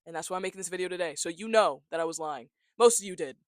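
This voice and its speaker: Congested young man, joking, high voice. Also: very fast, no room sound. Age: young adult. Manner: joking, self-mocking, animated. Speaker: vlogger. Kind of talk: casual talking-head chat. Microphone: small handheld mic, close. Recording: close dry tiny mic.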